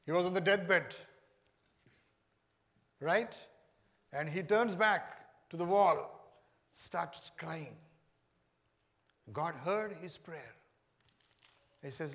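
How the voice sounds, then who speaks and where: A man's voice: a little high, takes it slowly, long pauses, fairly bright tone. A man preaching a sermon, repeating his questions to the congregation. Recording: echoey hall reverb.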